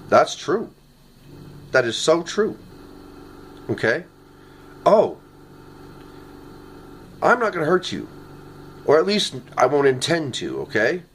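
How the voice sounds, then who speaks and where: Man, rambling earnest phone video message, lively up-and-down delivery, faint background hiss. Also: fairly high pitch. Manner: earnest, repeats "okay?" often. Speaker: vlogger recording a message. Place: his apartment. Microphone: phone camera.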